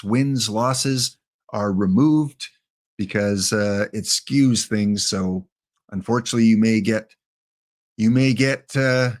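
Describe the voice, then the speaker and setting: A man hosting a live game stream, chatting casually with viewers by name and reading out the rules. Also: medium pitch.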